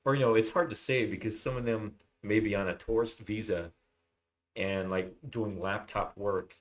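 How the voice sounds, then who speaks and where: A man with a fairly low voice talks his way through a loose, casual monologue as a channel host. He drifts from point to point, swears freely and fills pauses with "um" and "uh". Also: fairly even intonation. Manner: rambling, heavy swearing, many fillers.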